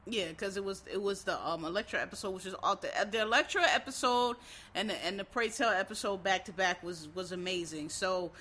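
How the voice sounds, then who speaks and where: Bright-voiced, rambling Philly man. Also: high voice, brisk, a little hiss or hum. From Philadelphia. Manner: rambling and chatty, trails off and restarts, addresses listeners as y'all. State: tired. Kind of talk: casual chat recapping a TV show.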